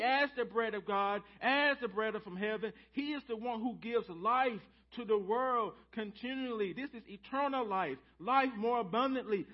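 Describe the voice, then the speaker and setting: A pastor with a notably high-pitched voice delivers a sermon to his congregation. He leans hard into emphatic phrases, then pulls back to hushed, almost whispered questions. The recording sounds a little dull and lo-fi. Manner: dynamic, swings from loud emphasis to hushed near-whispers. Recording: slightly dull lo-fi church audio.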